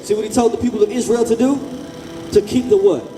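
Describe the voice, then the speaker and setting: A man's voice: high voice, steady tone, fast, music in the background. A man preaching outdoors on a street, blunt and slangy, firing questions at passers-by and repeating himself.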